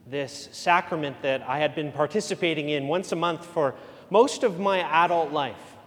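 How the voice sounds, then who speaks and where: A man delivers a sermon with a fairly high voice, talking in an easy, conversational way with frequent pauses and fillers. His voice carries a long reverb from the church around him. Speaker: pastor.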